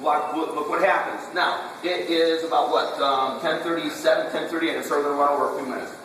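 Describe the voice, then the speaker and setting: Brief: male dog trainer, slightly high voice, drill-style instruction, recorded from afar in a big echoey hall. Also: fairly even intonation, quick pace. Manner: drill-like, quizzing the class, repeating commands. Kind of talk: instructing a puppy class. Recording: echoey hall, distant camera, room noise.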